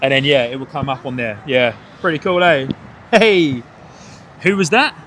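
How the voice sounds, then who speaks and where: A man hosting a live plane-spotting stream from a hotel above the runway, excitedly calling out departures and greeting viewers. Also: medium pitch, normal speed, a little hiss or hum. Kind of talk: live commentary. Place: hotel third floor overlooking an airport runway.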